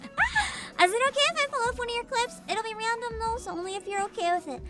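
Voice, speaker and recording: A woman's voice: extremely high pitch, lively intonation, fast, loud music behind the voice. A young woman hosting a casual VTuber livestream, sleepy and giggly, reading chat aloud. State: sleepy and tired.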